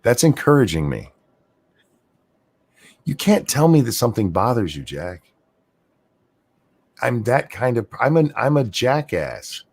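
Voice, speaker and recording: Tipsy male stream host, crude and rambling; deep, gravelly, very animated delivery. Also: a little slow, long pauses. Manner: crude, rambling, teasing, drinking while talking. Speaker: show host. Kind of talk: casual late-night stream chat.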